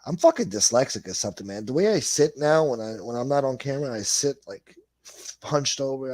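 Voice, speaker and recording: A man's voice: medium pitch, animated, brisk, a little mellow, dry recording. A middle-aged man, hosting a livestream and reading chat comments in a blunt, profane, rambling way. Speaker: livestream host.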